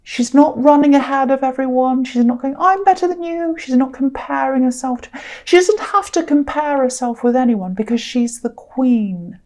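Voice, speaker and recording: A woman giving a solo tarot reading, gentle and reassuring, rambling with many fillers and restarts. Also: high-pitched, moderate pace. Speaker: tarot reader.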